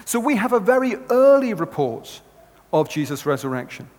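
A man delivers a sermon in a high, lively voice, swinging up and down as he tells stories. His manner is conversational and animated, speaking straight to a live audience. A long hall reverb trails each phrase. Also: moderate pace. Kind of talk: sermon with storytelling.

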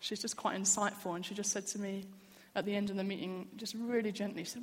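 A woman's voice: mid-range voice, steady tone, fast talker, big-room sound. A woman giving an earnest, personal sermon in a church. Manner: earnest, candid, personal storytelling. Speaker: church speaker.

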